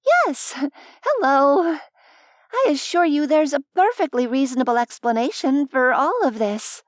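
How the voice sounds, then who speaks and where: Woman narrator doing a sardonic, battered winged young woman; high and lively, dry room. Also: measured pace, no room sound. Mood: wry strained.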